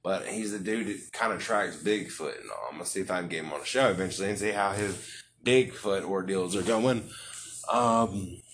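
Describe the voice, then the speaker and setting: A man's voice: deep voice, moderate pace, fairly bright tone, a little hiss or hum. Joking man hosting a podcast. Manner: joking, rambling, profane. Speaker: podcast host. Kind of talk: casual interview chat.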